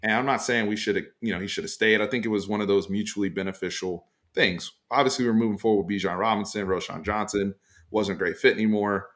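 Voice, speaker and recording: A man hosting a casual sports talk show, giving emphatic opinions in a loose, animated way with frequent fillers. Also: lowish voice, quick pace. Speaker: sports podcast host.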